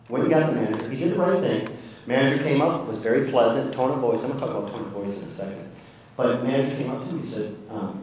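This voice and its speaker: A man's voice: medium pitch, fast talker, a little mellow. Male keynote speaker, folksy storyteller, distant mic, faint room noise. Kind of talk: keynote speech with anecdotes. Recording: echoey hall, distant mic.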